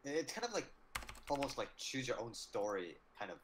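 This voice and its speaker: A man's voice: medium pitch, sing-song, moderate pace, noisy background. A young man co-hosting a casual livestream, rambling in loose phrases and filling gaps with "like". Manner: rambling, heavy use of "like", trailing phrases. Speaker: co-host on a livestream.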